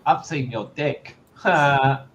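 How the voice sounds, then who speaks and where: A man's voice: mid-range voice, slow pace, fairly bright tone, slight background noise, low-quality recording. A man narrating a tabletop game as game master, playful and giggly with hesitant fillers.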